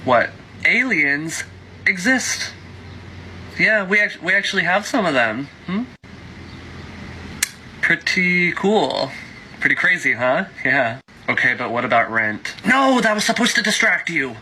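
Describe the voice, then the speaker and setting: A man voicing a smug man who distracts the public with talk of aliens, in a chirpy, evasive, high voice. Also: big pitch swings, a little slow, pauses often, sharp tone, slight background noise, exaggerated voice, rough recording.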